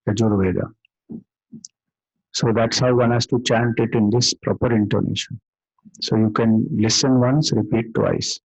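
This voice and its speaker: A man with an Indian English accent teaching the correct chanting of a Vedic mantra, chanting slowly and stopping to correct pronunciation. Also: medium pitch, darkish tone, no echo, highs cut off. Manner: slow, measured chanting with corrections. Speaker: Vedanta teacher.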